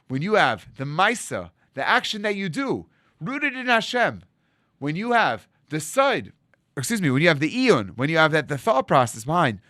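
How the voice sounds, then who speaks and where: Rabbi telling a story, dry close sound. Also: male voice, fairly high pitch, normal speed, no echo. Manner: animated storyteller acting out dialogue. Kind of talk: storytelling sermon.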